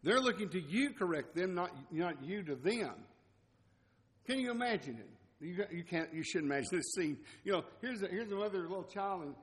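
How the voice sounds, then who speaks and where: A man preaches in a loose, conversational way, laughing softly at his own asides. His voice sits a little high for a man. It rings out in a church hall with a long echo. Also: animated, moderate pace. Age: 60s. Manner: folksy, chuckling asides. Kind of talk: conversational sermon.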